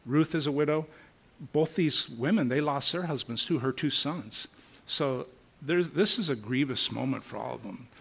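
A man's voice: medium pitch, normal speed, creaky, breathy edge. A man teaching a Bible lesson, earnest and musing, reading scripture aloud and reflecting on it. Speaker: preacher.

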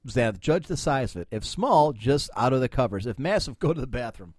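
A man's voice: medium pitch, lively intonation, brisk, darkish tone, no room sound, clean studio sound. A man hosting a comedic news podcast, rambling casually, joking and reading stories aloud. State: coughing, lungs bothering him. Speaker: podcast host.

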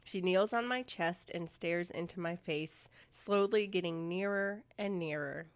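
A woman's voice: lowish voice, unhurried, smooth. A woman co-hosting a casual podcast, giggling often and reading stories aloud. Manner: giggly, loses her place. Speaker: podcast co-host.

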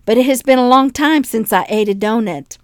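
An older woman hosts a devotional podcast, her voice sitting a little high. The sound is dry and close to the mic. She preaches in a storytelling way, acting out small voices for the people in her anecdotes. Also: fairly quick, clean tone, dry recording.

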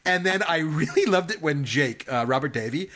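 A man's voice: fairly high pitch, lively intonation, moderate pace, fairly bright tone. A man talking enthusiastically about a film in a casual discussion, laughing often and using many fillers.

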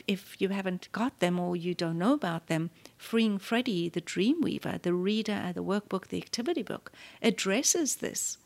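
A woman in her fifties from South Africa with a South African accent, a guest in an interview who tells her story with animation and often drops to a near-whisper. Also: medium pitch.

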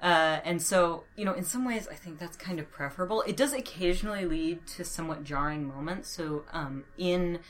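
A woman's voice: lowish voice, brisk, few pauses, a little hiss or hum. A woman linguist as a podcast guest, explaining thoughtfully with many fillers and laughs. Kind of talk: podcast interview.

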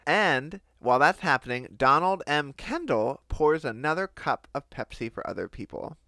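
Lively, bright-voiced male podcast storyteller. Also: a little high, normal speed, dry recording. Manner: animated storyteller, laughs often, bursts into silly quoted voices. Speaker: podcast co-host telling the story. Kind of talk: casual comedic podcast chat.

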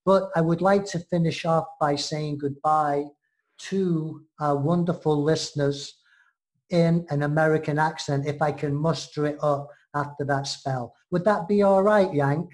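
A woman's voice: low voice, fairly even intonation, measured pace, darkish tone. A woman from England with an English accent, co-hosting a podcast in a playful, teasing, theatrical way. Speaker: podcast co-host. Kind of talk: casual chat.

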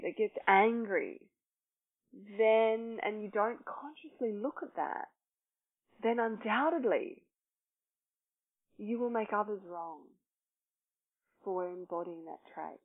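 A woman who leads self-love workshops, teaching with probing questions and then guiding a slow, soft meditation. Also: on the high side. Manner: probing, asks many questions. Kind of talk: teaching talk and guided meditation. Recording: tinny phone-like sound.

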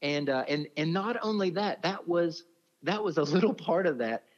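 Expressive and a little high-pitched, this man speaks at normal speed as a ministry leader sharing heartfelt stories in an interview, often addressing the listener as "man". He sounds like he's in a large hall, and the recording is dull lo-fi.

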